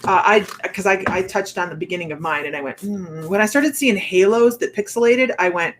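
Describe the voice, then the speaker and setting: A woman's voice: lowish voice, brisk, few pauses. Breathless chatty woman medium host. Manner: rambling, chatty, greets viewers by name. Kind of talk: casual livestream chat.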